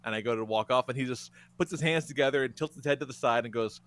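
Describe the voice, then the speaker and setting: A man's voice: mid-range voice, fast talker. A man hosting a podcast and telling a story in casual chat, swearing often, laughing and acting out the other people's lines. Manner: animated, laughing, swearing, acts out quotes. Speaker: podcast host.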